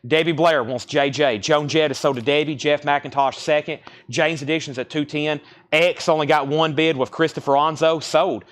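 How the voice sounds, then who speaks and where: A middle-aged man runs a live-stream record sale, talking in a slightly raised register. He moves briskly between casual chat and rapid-fire calls of prices and bids. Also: fairly high pitch, fairly even intonation.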